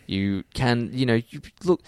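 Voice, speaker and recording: An Australian man hosts a casual podcast and reads out listener mail between jokes and laughs. His voice sits at a middle pitch. The sound is dry and close to the mic. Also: measured pace, smooth, no room sound. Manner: laughing, joking, reading listener shout-outs. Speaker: podcast co-host.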